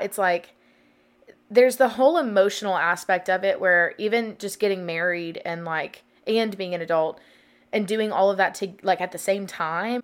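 A young woman in her twenties chats on her podcast in a loose, rambling way, filling her sentences with "like". She talks openly and emotionally, at a middle pitch for a woman. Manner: rambling, many "like" fillers, open and emotional. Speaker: podcast host. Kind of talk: casual confessional chat.

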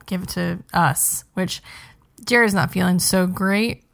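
Young woman podcast host, chatty and upbeat, bit of vocal fry. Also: lowish voice, fairly even intonation, a little slow. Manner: chatty, upbeat, frequent ums. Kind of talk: casual podcast chat.

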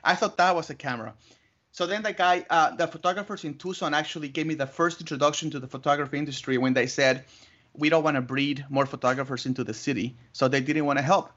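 A man telling his story as an interview guest, lively, laughing often and acting out other voices. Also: fairly high pitch, quick pace. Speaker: interview guest, wedding photographer. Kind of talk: animated storytelling. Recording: muffled lo-fi audio.

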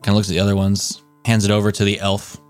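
Acting as game master for a tabletop game, a man narrates casually, full of fillers like "kinda." His voice is fairly low, completely flat and fast, with soft music in the background.

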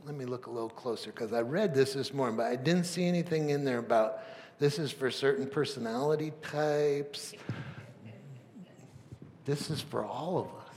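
A man preaching a sermon as pastor, swinging from loud emphatic peaks to soft near-whispers, with rhetorical questions and stammered restarts. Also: mid-range voice, a little hiss or hum. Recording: long reverb of a large hall.

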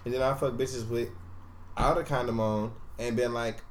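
A man's voice: medium pitch, steady tone, normal speed, echoey room, slight background noise. A man in casual podcast chat, crude and rambling, often laughing as he talks.

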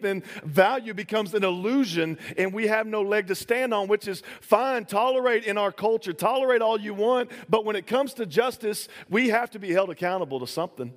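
High-voiced casual preacher in a reverberant hall. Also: male voice. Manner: casual, conversational preaching with many fillers. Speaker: pastor. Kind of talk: sermon.

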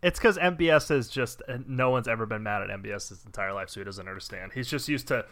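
A man's voice: on the low side, quick pace, fairly bright tone, dry recording. A man co-hosting a podcast, riffing in casual comedic banter full of profanity and bro slang. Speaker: podcast co-host.

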